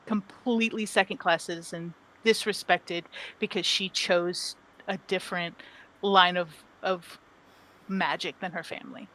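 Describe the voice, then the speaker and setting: A woman playing in a tabletop game, explaining what her character feels. She talks in halting, casual bits. Her voice is bright and tense. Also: lowish voice, fairly even intonation, low-quality recording. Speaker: player.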